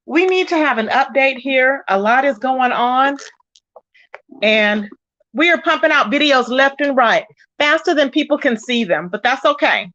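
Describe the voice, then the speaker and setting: A woman hosting a casual live gossip stream, greeting viewers by name and retelling the drama with lively quoted voices. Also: high voice, measured pace, lo-fi sound. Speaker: host of a live gossip channel. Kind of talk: casual livestream chat.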